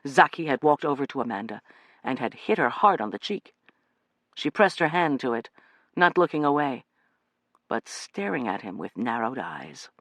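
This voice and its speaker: A man narrating a suspenseful novel as an audiobook, in an expressive, dramatic reading. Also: medium pitch, moderate pace, no echo.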